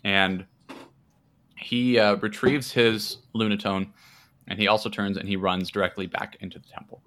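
A man with a fairly low voice and a bright, forceful tone runs a tabletop game. He narrates in a hesitant, playful way, full of fillers. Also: flat delivery, moderate pace. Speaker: game master.

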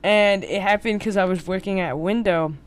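A woman's voice: medium pitch, moderate pace, smooth. A young adult woman co-hosting a podcast, chatting casually with lots of slang and acting out conversations as she tells a story. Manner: slangy and animated, acting out quoted exchanges. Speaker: podcast co-host. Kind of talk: casual chat.

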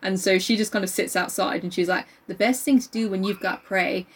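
A woman on a podcast talks through a novel in loose, casual chat. Her voice sits in a middling pitch, and she swears often with energy and indignation in the retelling. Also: brisk, distant mic. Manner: chatty, swears freely, lively retelling. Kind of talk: casual book discussion.

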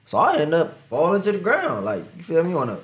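A man's voice: fairly high pitch, huge pitch swings, a little fast. A young man from Ohio telling a story in casual street slang, often saying "you feel me". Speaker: guest, upcoming rapper.

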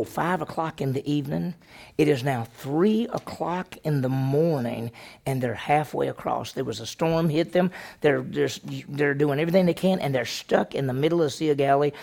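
A man's voice: a little high, gravelly, darkish tone. A male senior pastor teaching a conversational church lesson, telling folksy stories and asking the congregation questions he then answers himself. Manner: folksy, tells personal stories.

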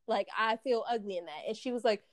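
An actress telling a personal story in casual chat, animated and full of restarts, acting out the voices she quotes. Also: on the high side, fast, dry recording. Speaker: actress guest.

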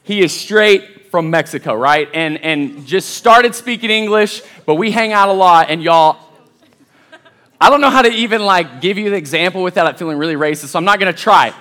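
A man's voice: high voice, moderate pace, pushed and bright. A young man preaching a casual sermon as a college pastor, chatty and self-deprecating, calling the crowd "y'all". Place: church service.

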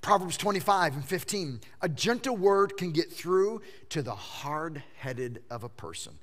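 Male preacher, high lively voice, bright tone, dramatic swings from loud to hushed, emphatic repetition. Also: measured pace. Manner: emphatic, repeats phrases for effect. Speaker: pastor. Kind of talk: sermon.

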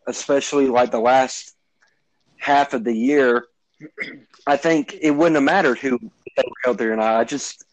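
A man's voice: mid-range voice, dry recording, low-quality recording. A man co-hosting a football podcast in an ordinary mid-range voice. He lays out his view carefully, hedging with many ums and restarts. The recording is dry and close. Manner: measured, hedging, many fillers. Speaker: sports podcast co-host. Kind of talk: sports debate.

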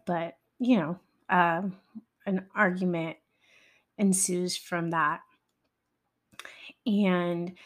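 A woman recounts her own story slowly, her voice sitting a little low. She talks in a halting, candid way, with frequent fillers and pauses and the odd blunt curse. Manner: candid, occasionally swearing. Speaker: survivor sharing her story. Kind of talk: personal storytelling.

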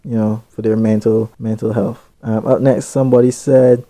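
A young man from Barbados hosting, reading out listener shout-outs in a laid-back, chatty way with little asides. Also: lowish voice, level tone, normal speed. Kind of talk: casual chat.

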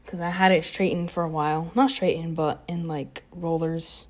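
A teenage girl who is a high school student, rambling and oversharing in a casual confessional vlog at home, sarcastic and full of fillers. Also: little pitch movement, normal speed. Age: teens. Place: home living room.

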